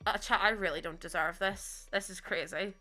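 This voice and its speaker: A woman's voice: medium pitch, fairly even intonation, moderate pace, bright, forceful tone. A young woman from Northern Ireland with a Northern Irish accent, streaming live and chatting with her viewers while she plays. She giggles and gushes, close to tears with gratitude.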